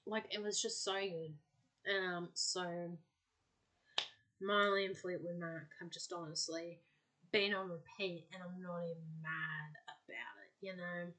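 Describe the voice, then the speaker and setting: A woman's voice: on the low side, flat delivery, measured pace, sharp tone. A woman hosting a podcast, chatting casually and bubbly, with lots of filler words. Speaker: podcast host.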